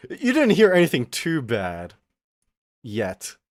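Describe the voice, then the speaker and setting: A man's voice: medium pitch, huge pitch swings, slow, no room sound, clean studio sound. A man chatting casually on a live stream, rambling playfully and talking to his chat.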